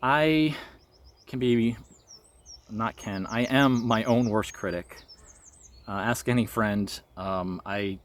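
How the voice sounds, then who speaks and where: A man's voice: lowish voice, slow pace, long pauses. A man vlogging about his spiritual experiences, telling a personal story in an earnest, reflective way with light laughs.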